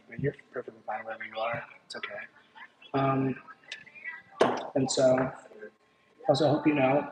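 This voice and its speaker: A man giving a casual tarot reading, rambling and playful, often breaking off mid-thought. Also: medium pitch. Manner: rambling, playful, self-interrupting. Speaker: tarot reader. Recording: echoey room with faint background noise.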